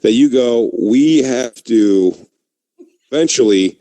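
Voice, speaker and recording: Dry mellow-voiced male comedy co-host. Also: medium pitch, lively intonation, takes it slowly, dry recording. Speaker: radio show co-host. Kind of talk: casual comedy banter.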